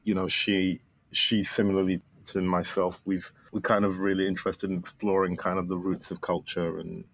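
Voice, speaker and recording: A man's voice: sits low, little pitch movement, normal speed, a bit bright. A man guest on a podcast, talking casually and enthusiastically with many fillers about his film. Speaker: filmmaker guest.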